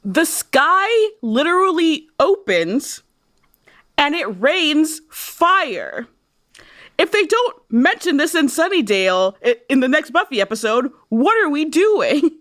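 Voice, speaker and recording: A woman's voice: sits high, sing-song, slow pace, a bit bright. A woman co-hosting a casual podcast, enthusiastic and joking, swearing freely. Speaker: podcast co-host. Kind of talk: casual rewatch podcast chat.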